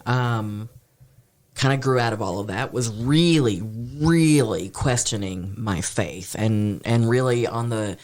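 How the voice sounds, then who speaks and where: Man, podcast co-host, middle pitch, earnest, reflective, hesitant. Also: slow. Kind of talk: casual chat.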